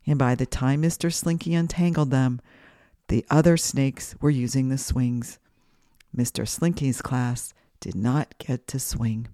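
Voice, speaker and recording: Low-voiced woman reading a kids' story. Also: dry recording, studio quality. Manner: warm, guiding, sing-song. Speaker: children's podcast host and storyteller. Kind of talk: reading a children's story aloud.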